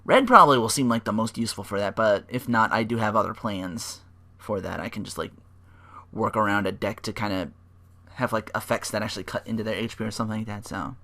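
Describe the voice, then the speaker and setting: A man's voice: lowish voice, brisk, sharp tone. A young man hosting a solo podcast, rambling casually with lots of fillers and swearing. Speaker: podcast host.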